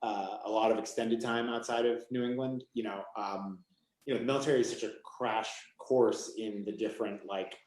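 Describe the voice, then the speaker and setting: A man from Maine talks as a guest author in loose, rambling sentences, leaning on "you know" and "like". His voice sits a bit low. He comes through a video call with a noticeably echoey room around him. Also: fairly even intonation, moderate pace, a little mellow. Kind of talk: casual conversation.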